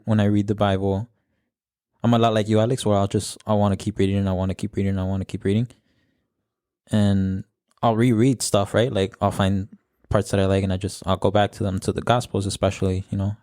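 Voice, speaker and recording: A young man leads a casual podcast discussion in a low, mellow voice, relaxed as he mixes English with Spanish phrases. The audio is studio quality with no echo.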